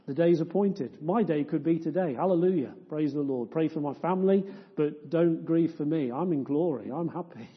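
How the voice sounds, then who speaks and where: A man preaching a sermon in a church, firing off rhetorical questions and swinging between loud, impassioned stretches and hushed ones. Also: fairly high pitch, moderate pace, few pauses, breathy edge. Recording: dull lo-fi sound with long church reverb.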